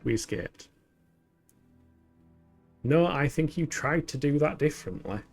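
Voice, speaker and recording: A man's voice: a little high, animated, unhurried, gravelly, faint music behind. Playful, giggly streamer man. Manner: playful, giggly, rambling banter. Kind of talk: casual gameplay livestream. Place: home gaming setup.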